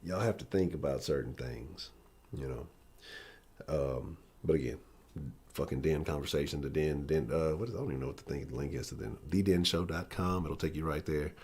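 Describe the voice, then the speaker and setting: A man's voice: very deep voice, fairly quick, darkish tone. A man hosting a live-stream sports talk show, ranting bluntly and profanely. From Houston area.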